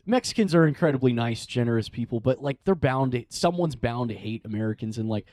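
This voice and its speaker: A studio-quality, dry recording of a young priest speaking fast in a mid-range voice as he tells a personal story during a casual interview. His manner is animated, with quoted voices acted out and "like" used often.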